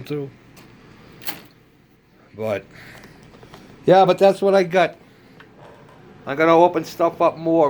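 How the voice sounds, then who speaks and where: Older man, rambling hobby storyteller. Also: a little high. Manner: rambling, conversational, with many fillers. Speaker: model ship builder. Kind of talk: casual storytelling.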